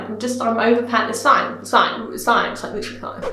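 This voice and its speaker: A woman's voice: a little high, fast, hardly any pauses, pushed and bright. A young woman reviewing a hair product in a casual home vlog. She talks in a chatty, self-dramatizing way, with lots of filler words. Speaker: beauty vlogger. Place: bathroom at home. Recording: very echoey bathroom.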